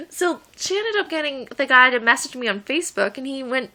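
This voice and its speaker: A woman's voice: high-pitched, expressive, brisk, hardly any pauses, pushed and bright. A woman in her late teens telling stories in a rambling, giggly vlog, laughing often as she talks. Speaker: vlogger. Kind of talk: casual storytelling vlog.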